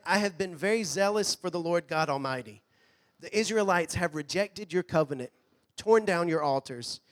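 A man preaching a sermon in a church, earnest, sometimes dropping to a hush. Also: on the high side. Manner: earnest preaching, drops to a hush on quoted lines. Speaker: pastor. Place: church hall.

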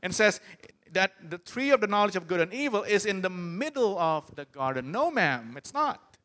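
Bright, high-voiced male preacher. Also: very animated, moderate pace. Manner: emphatic, asks the crowd questions. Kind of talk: sermon.

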